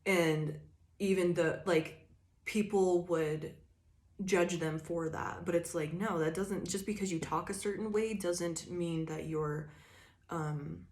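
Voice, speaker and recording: A woman's voice: fairly low pitch, fairly even intonation, slow pace, darkish tone, reverberant. A woman giving a casual tarot reading, swearing freely and rambling with lots of fillers. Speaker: tarot reader.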